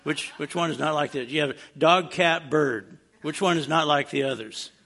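Gravelly, bright-voiced preacher man. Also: fairly high pitch, normal speed. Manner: casual and plainspoken with wry humorous asides. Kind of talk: conversational sermon.

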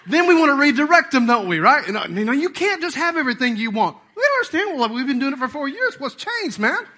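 A man's voice: extremely high pitch, very animated, fast, bright, forceful tone. A man, preaching a sermon as pastor in a folksy, joking way, often slipping into playful voices.

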